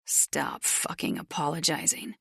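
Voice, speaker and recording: A woman voicing a gruff, brooding young biker man who speaks curtly, dropping her voice a little lower and quieter. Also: measured pace, dry recording, clean studio sound, exaggerated voice. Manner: curt, swearing, low and quiet.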